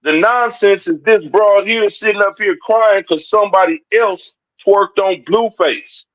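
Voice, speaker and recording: A man's voice: high voice, unhurried. A man giving a heated, confrontational livestream rant, talking straight at his chat and repeating his points. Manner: confrontational, repetitive, addresses chat directly. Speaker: livestream commentator. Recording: dull lo-fi stream audio.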